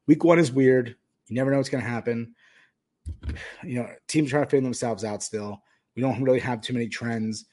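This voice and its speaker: A man's voice: mid-range voice, fairly even intonation, brisk, mellow. A man hosting a podcast, talking casually through football betting picks with many fillers and restarts. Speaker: podcast host. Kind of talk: casual sports betting talk.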